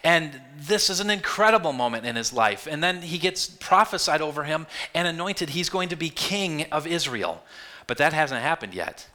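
A man preaching a sermon, telling a Bible story in an earnest, animated way and slipping into quoted voices. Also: fairly high pitch, normal speed. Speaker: pastor.

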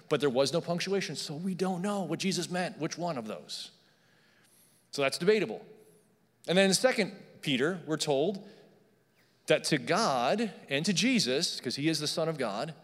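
A man preaching a sermon, teaching in a conversational and emphatic way and checking in with his listeners. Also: on the high side. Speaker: pastor. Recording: long hall reverb.

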